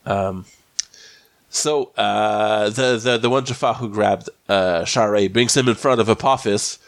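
A man's voice: on the low side, dry recording, studio quality. A podcast host with a slight cold, rambling and restarting as he recaps a TV episode in casual chat. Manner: rambling, halting, many restarts.

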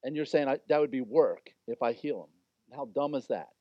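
A preacher doing a blunt confrontational teacher. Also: male voice, mid-range voice, lively intonation, moderate pace, no echo, muffled recording, pitched below the performer's own voice, close to an everyday voice. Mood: taunting. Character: blunt, confrontational male teacher challenging critics.

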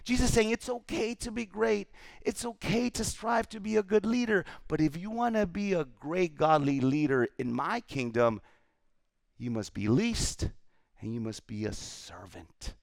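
Gravelly preacher telling a story. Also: male voice, high-pitched, a little slow, no echo. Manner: animated storytelling, acts out scripture. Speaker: pastor. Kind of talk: sermon.

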